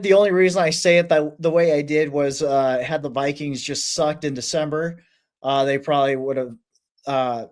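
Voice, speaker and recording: A man guesting on a sports podcast, talking casually and thinking out loud with many fillers. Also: on the high side.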